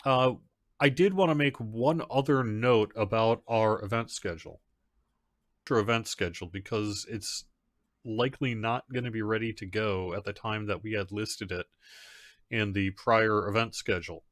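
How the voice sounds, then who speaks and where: A man's voice: fairly low pitch, normal speed, dry recording, studio quality. A man, the community manager of a game, hosting a casual live stream from home; he rambles conversationally, with fillers and restarts. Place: home setup.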